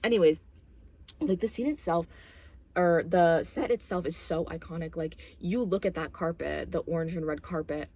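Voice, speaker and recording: A woman's voice: fairly low pitch, moderate pace, a little mellow. A young woman vlogging, chatting casually about a film and book, rambling with lots of fillers and jokey asides.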